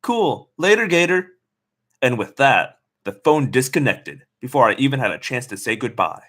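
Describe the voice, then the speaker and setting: A man's voice: medium pitch, animated, normal speed, a bit bright. Man reading a novel with snarky asides. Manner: sarcastic comments on the text. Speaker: reader.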